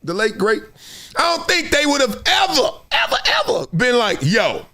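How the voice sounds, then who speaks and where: A middle-aged man hosting solo sports commentary, animated and fond of acting out quotes in other voices. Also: very high-pitched, moderate pace.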